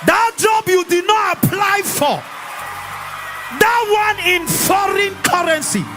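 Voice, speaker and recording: Woman proclaiming in a very high shout, far off, with crowd and music. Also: lively intonation, slow pace. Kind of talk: shouted declaration.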